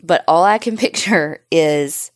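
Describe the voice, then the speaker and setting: A woman's voice: low-pitched, takes it slowly, dry recording, clean studio sound. A woman co-hosting a podcast in casual chat, reacting with grossed-out interjections and wry jokes. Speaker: podcast co-host.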